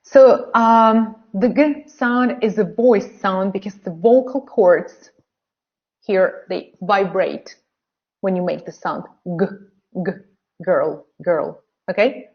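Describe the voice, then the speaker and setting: A woman teaching English pronunciation in an online webinar, slowly exaggerating sounds and reading practice sentences for learners to repeat. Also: mid-range voice, lo-fi sound. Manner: slow, carefully exaggerated pronunciation drills.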